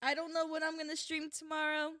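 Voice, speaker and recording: A woman's voice: sits high, completely flat delivery, fast talker, sharp tone, dry recording, clean studio sound. A young woman live-streaming a video game, reading its text aloud and chatting casually and emotionally with her viewers, laughing and swearing often.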